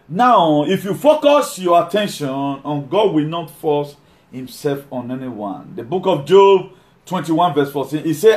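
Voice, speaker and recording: A man preaching a sermon, emphatic, repeating key lines and slowing down to read scripture. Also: fairly high pitch, animated.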